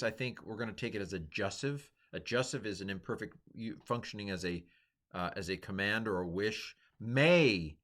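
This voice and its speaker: A man's voice: lowish voice, a bit bright. A middle-aged man giving a casual, chatty lesson on grammar, explaining with many fillers and asides. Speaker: teacher. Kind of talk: lecture on Hebrew grammar.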